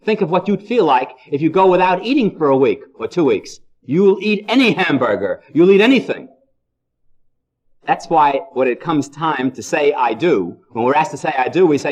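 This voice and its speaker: A man's voice: fairly high pitch, animated, moderate pace, slightly rough. A man giving a humorous lecture to a live audience, a jokey storyteller who repeats phrases for effect, in an old 1960 recording.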